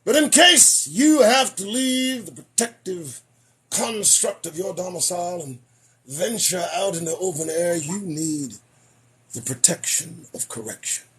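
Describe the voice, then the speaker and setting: A man hosting a podcast, losing his voice, delivering an emphatic, preachy commentary monologue that swings between loud declarations and muttered asides. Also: sits high, animated, measured pace. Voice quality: husky. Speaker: podcast host.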